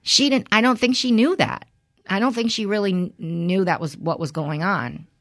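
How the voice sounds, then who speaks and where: A woman's voice: medium pitch, normal speed, fairly bright tone. A middle-aged woman hosting a podcast, chatting candidly and venting with frustration, swearing freely. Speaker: podcast host. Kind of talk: casual chat.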